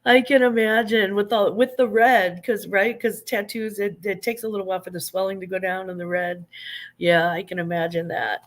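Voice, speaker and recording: A woman's voice: medium pitch, steady tone, normal speed. An older woman, a grandmother, hosting a casual live chat. She greets her viewers, laughs easily and stumbles over names. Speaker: livestream host.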